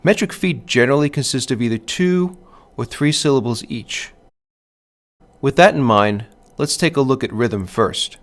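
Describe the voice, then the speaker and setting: A man narrating a scripted literature lesson in a clear, measured way, sounding out stress patterns as he goes. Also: medium pitch, expressive. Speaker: teacher.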